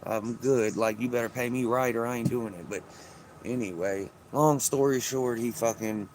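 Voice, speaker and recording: A man's voice: medium pitch, normal speed, a little mellow, a little hiss or hum. A man chatting casually on a phone stream from home, rambling and swearing his way through a story. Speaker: vlogger. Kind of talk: casual livestream chat.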